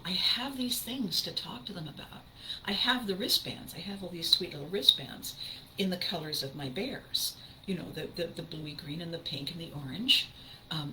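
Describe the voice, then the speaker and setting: A woman's voice: fairly low pitch, bright, forceful tone, a little hiss or hum, poor audio. An older woman, a voice actress hosting her podcast, telling stories in an enthusiastic, emphatic casual monologue.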